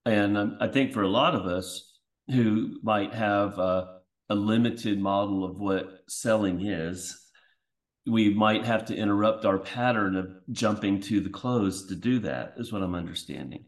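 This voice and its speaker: A man's voice: fairly low pitch, measured pace, far from the mic. A man hosting a podcast, reflecting back what he heard and asking thoughtful questions. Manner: thoughtful, restates and reflects, with small restarts. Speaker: podcast host. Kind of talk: interview questions.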